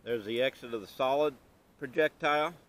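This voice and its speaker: A man hosting a casual firearms demo vlog, talking plainly and unhurriedly, with the hiccups, recorded outdoors. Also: medium pitch. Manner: plain, unhurried show-and-tell. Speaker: channel host.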